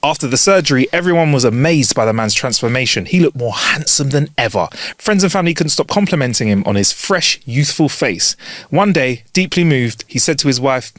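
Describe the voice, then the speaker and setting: A man's voice: medium pitch, animated, brisk, fairly bright tone, dry recording, clean studio sound. A man co-hosting a casual comedy podcast, reading jokes aloud and laughing often. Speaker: podcast co-host.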